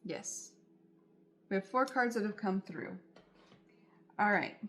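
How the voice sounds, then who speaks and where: A woman's voice: medium pitch, animated, takes it slowly, fairly bright tone. A woman giving a tarot reading straight to her viewers, in a soothing, reassuring way and often repeating her phrases. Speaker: tarot reader.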